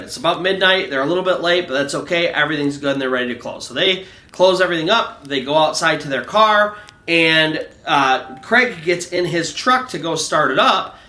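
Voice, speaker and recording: High, bright-voiced man telling a ghost story. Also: reverberant. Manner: loose and conversational, many "you know"s. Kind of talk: narrating a true ghost story.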